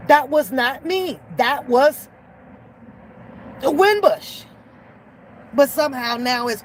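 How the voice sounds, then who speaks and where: A woman delivers a blunt, profane, exasperated rant as a reaction-channel host. Her voice sits a touch higher than average. A faint hum of noise runs underneath. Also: expressive, takes it slowly, pauses often, rough recording. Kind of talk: unscripted commentary rant.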